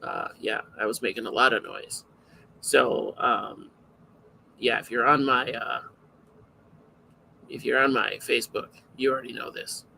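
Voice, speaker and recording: Gravelly-voiced man hosting a podcast. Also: mid-range voice, measured pace, pauses often, sharp tone, a little hiss or hum, rough recording. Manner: rambling, loose and self-interrupting. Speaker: podcast host. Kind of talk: casual live podcast chat.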